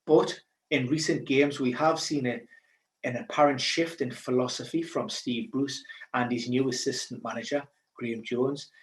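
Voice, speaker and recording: A man with a Geordie accent chatting casually as a podcast co-host, animated and joking. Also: medium pitch, normal speed, reverberant. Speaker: podcast co-host, football pundit.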